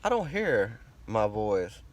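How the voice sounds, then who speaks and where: A man's voice: fairly low pitch, big pitch swings, takes it slowly. A man with a rural American country accent and a laid-back drawl, talking in a rambling, profane, self-conscious vlog monologue. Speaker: vlogger.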